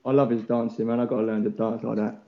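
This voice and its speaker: A man's voice: fairly low pitch, flat delivery, fast. A man from Britain co-hosting a podcast, teasing and swearing as he jokes. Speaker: podcast co-host. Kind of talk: casual chat. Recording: dull lo-fi podcast audio.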